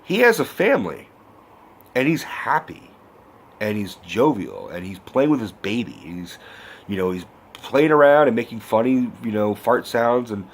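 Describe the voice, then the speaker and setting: A man in his twenties ranting about a movie in a casual vlog, swearing often and breaking into loud exclamations. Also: lowish voice, measured pace, husky. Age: 20s. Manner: animated, swearing, bursts of shouting. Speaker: vlogger. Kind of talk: profane movie rant.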